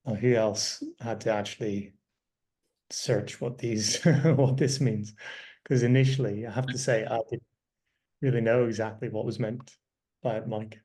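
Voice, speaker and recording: A man's voice: mid-range voice, steady tone, a little slow, mellow. A man hosting a book discussion podcast, talking thoughtfully with frequent fillers and restarts. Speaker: podcast host.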